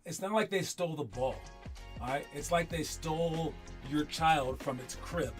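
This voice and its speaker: A man's voice: fairly high pitch, normal speed, soft background music. A young man coaching youth basketball, giving a rambling, emphatic motivational talk with many fillers and restarts.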